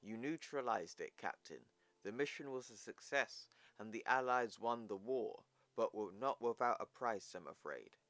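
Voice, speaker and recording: A man reading the lines of a stern male military general in a comic recap, in a low, grave delivery. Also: animated, normal speed, a bit bright, no room sound.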